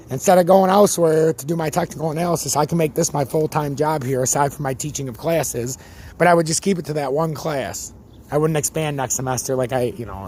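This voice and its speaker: A man's voice: a little high, slight background noise. A man hosting his own crypto chart channel, ranting with plenty of swearing and sports comparisons, his voice worn out. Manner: ranting, swears freely, animated sports analogies. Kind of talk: casual profane market commentary.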